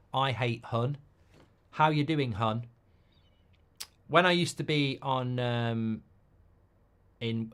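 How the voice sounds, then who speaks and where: Sweary middle-aged guy hosting a live match watchalong, ranty, mid-pitched voice. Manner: ranting, sweary, quick to flare up at players. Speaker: host. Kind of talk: live football watchalong chat.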